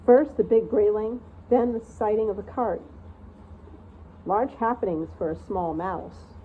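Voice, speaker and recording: A woman narrating a storybook aloud in an expressive read-aloud style. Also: mid-range voice, unhurried. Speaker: reader of a channel read-aloud. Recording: tinny phone-like sound, faint hiss.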